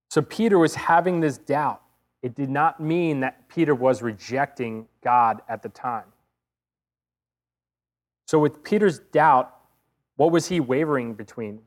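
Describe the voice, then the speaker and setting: A man's voice: medium pitch, darkish tone. A man preaching a sermon, retelling a story vividly and earnestly with rhetorical questions.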